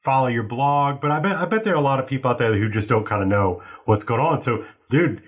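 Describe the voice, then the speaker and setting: A man hosting a podcast, informal and curious, breaking in with quick questions. His voice is husky and a little breathy. It sits at an ordinary middle pitch. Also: expressive. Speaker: host. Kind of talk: casual podcast conversation.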